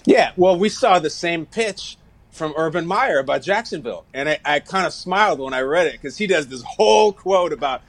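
Male podcast guest, storyteller, does quick impressions, slightly high voice. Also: animated. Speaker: guest, TV morning show co-host. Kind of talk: casual sports talk.

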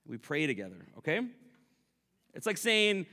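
A man preaching a sermon from a church stage, his voice bright and forceful. He swings between hushed, earnest passages and sudden emphatic jumps, acting out apologies with playful asides. The sound carries a long reverb from the sanctuary around him. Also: fairly high pitch, sing-song, measured pace. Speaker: pastor.

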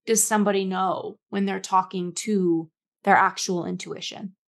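A woman host of a podcast, talking casually and with animation, and telling personal stories loosely with lots of "like"s. Her voice sits at a middle pitch for a woman. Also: moderate pace. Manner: chatty and animated storyteller, many filler "like"s. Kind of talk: casual interview chat.

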